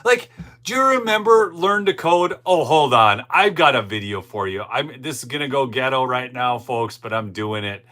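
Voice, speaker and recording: A man runs a political commentary livestream, reading chat and rambling casually, often adding "okay?" to check in with listeners. His mid-range voice is expressive and sharp in tone. He talks at normal speed with hardly any pauses.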